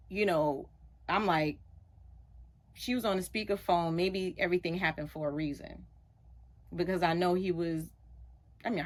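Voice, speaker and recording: A middle-aged woman, a radio show guest, animatedly retelling a story and acting out other people's lines in a higher voice. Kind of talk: storytelling in a casual chat.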